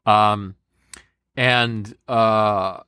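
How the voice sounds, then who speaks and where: A man, a voice actor, giving animated, repetitive advice in a casual interview. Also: on the low side, drawn-out words, smooth, dry recording. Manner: animated, demonstrative, repeats for emphasis. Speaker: voice actor guest.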